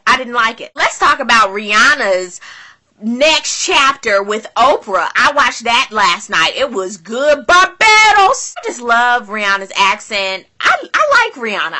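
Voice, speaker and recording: Woman vlogger, sassy and dramatic, slightly high, bright tone. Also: sing-song, a little slow. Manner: sassy, dramatic, acts out quotes. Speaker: vlogger recapping a reality show. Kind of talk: casual commentary.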